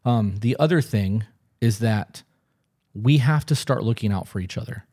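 A man co-hosting a casual podcast in a lowish, warm, mellow voice. He talks bluntly and emphatically and swears often. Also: normal speed. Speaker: podcast co-host.

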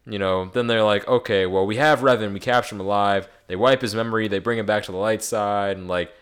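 A young man co-hosting a podcast in casual chat, animated and joking, talking through long explanations with many fillers. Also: fairly low pitch, brisk, clean tone. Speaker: podcast co-host.

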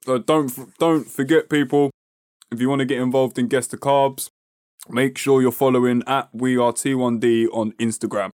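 A man's voice: mid-range voice, steady tone, normal speed, darkish tone, dry recording. Young man, London accent, laid-back slangy chat, dry close sound. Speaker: podcast co-host. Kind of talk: casual chat. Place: small back room at home.

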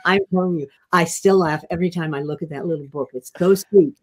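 An older woman, a veteran actress, telling stories in an interview, halting and restarting often as she chuckles. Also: lowish voice, slightly rough. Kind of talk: interview storytelling.

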